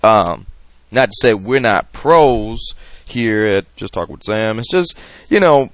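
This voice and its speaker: A man's voice: fairly low pitch, expressive, slow, dry recording. A man hosting a podcast, telling a loose, rambling story with casual swearing and lots of fillers. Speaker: podcast host. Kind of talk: casual monologue.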